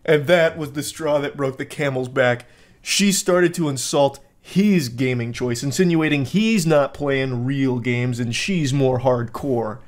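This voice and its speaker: A man's voice: mid-range voice, a little slow. Exasperated man mocking creepy texts. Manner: exasperated, mocking, laughs often. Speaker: commentator reading texts. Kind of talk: sarcastic commentary.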